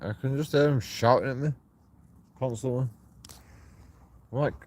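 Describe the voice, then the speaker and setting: An angry, profane man ranting and taunting people, recorded outdoors on a dark path at night. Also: mid-range voice, fairly even intonation, moderate pace, long pauses, slight background noise. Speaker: street auditor filming himself. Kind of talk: confrontational vlog rant.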